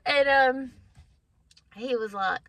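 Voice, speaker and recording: A vlogger in her thirties chats casually with her viewers, telling a personal story in a candid way, laughing often and calling them "guys." Her voice sits high and fairly bright, and she speaks at a slow pace.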